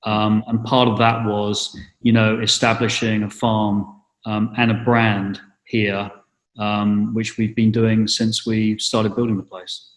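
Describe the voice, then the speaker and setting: Speaking slowly in a fairly low, flat voice, a middle-aged Englishman gives a casual interview in an echoey room. His delivery is hesitant, marked by many fillers and restarts.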